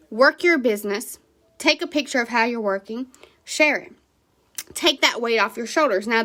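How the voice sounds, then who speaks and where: High, bright-voiced woman sales leader. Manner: emphatic, repeats phrases, keeps checking in with "right?" and "okay?". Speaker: direct sales team director. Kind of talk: motivational talk to her sales team.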